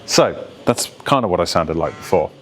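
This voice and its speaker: A man from the West Midlands, a voice coach who speaks with a Received Pronunciation accent and explains sounds in an animated way, demonstrating them as he goes. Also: sits low, normal speed. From West Midlands of England. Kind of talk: explanatory talk to camera.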